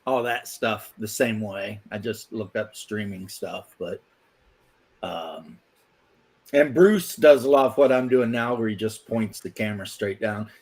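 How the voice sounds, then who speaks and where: A man's voice: fairly low pitch, unhurried, a little mellow. A man hosting a casual online chat, rambling and laughing often, on a desk microphone. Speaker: host.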